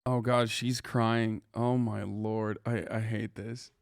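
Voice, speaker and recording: A man's voice: on the low side, level tone, takes it slowly, vocal fry, no echo, clean studio sound. A man in his thirties hosting a livestream, reacting in casual, sarcastic and profane commentary. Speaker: livestream host.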